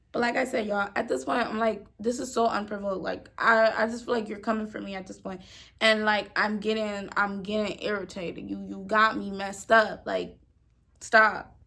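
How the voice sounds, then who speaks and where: A young woman in her twenties casually telling an animated story to her phone camera, with emphatic slang and repeated words. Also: mid-range voice, measured pace, vocal fry, long pauses. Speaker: storyteller vlogger.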